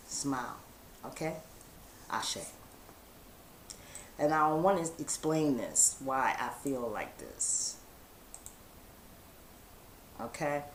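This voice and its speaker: A woman talks slowly and chattily to her viewers, reading a letter aloud. The room is echoey, with faint noise behind her. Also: low voice, expressive, a bit bright. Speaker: vlogger.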